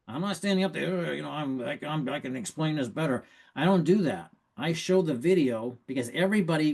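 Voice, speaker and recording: Energetic man coaching sales on a call. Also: on the high side. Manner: energetic, conversational, frequent restarts. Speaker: sales trainer. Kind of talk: casual training talk on a video call. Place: home, on a video call. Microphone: video call.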